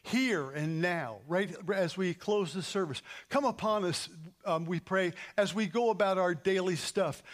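Earnest New pastor praying. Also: male voice, a little high. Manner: earnest, builds to emphatic peaks. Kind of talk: sermon prayer. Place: church sanctuary.

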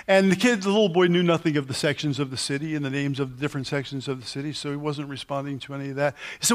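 Male pastor preaching, slightly high voice, chatty storyteller who restarts his sentences. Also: fairly even intonation. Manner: conversational, storytelling with frequent restarts; sings hymn lines slowly. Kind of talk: sermon.

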